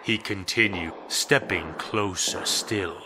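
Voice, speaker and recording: Low, slow dramatic male storyteller. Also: noisy background. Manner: dramatic, measured reading. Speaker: narrator. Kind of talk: scripted story narration. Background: background music.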